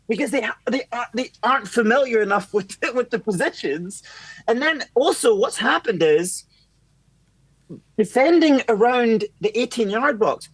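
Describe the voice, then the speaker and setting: A man calling into a fan show, talking fast and animated about tactics, swearing freely and acting out what others say. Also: very high voice, husky, dry recording. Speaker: caller. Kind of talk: casual fan chat.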